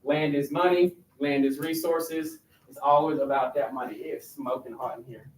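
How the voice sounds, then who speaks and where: A man's voice: medium pitch, fairly even intonation, moderate pace, a little hiss or hum. A male teacher giving a casual classroom lecture and quizzing his students with questions. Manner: conversational, asks the class questions. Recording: echoey classroom, voice from a distance.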